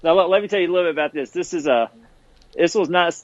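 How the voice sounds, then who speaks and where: A man's voice: fairly high pitch, quick pace, no room sound. A middle-aged man, a former tour manager, chatting casually on a podcast in a rambling, laid-back way. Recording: slightly dull lo-fi audio.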